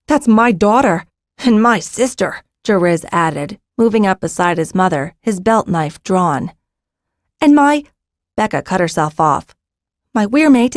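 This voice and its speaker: A woman reading a fantasy audiobook in measured, scripted narration. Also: lowish voice, no echo, studio quality.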